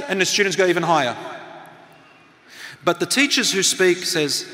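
A man's voice: high voice, normal speed, long pauses, pushed and bright. A middle-aged man and teacher giving a motivational talk to a live audience, engaging them with questions and activities. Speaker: speaker and teacher. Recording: long hall reverb.

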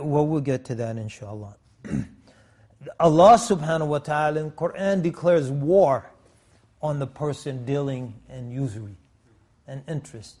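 A man's voice: a little high, dark tone. A man preaching a sermon, emphatic in delivery, with frequent restarts and Arabic religious phrases.

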